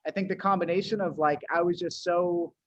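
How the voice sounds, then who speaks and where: A man's voice: high voice, fairly even intonation, no echo. New england guy on a podcast, slangy, says dude a lot, muffled dry audio. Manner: fast, loose, slangy talk full of "dude" and restarts. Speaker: podcast guest, agency owner. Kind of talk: casual interview chat.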